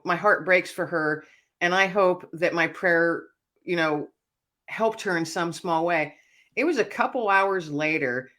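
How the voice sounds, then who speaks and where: A woman author being interviewed, telling a personal story in an animated, emotional way. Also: lowish voice. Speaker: author and speaker, guest.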